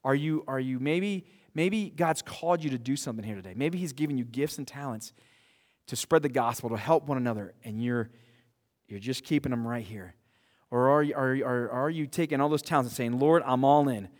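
A man preaching a sermon as pastor, animated, often restarting and repeating words, laughing now and then at his own stories. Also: medium pitch, fairly quick. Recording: long hall reverb.

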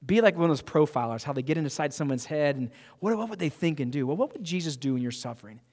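A man's voice: a little high, animated, fast talker, a little mellow. Man preaching in an echoing hall. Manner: emphatic, conversational preaching with frequent restarts. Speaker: pastor. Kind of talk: sermon. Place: church sanctuary.

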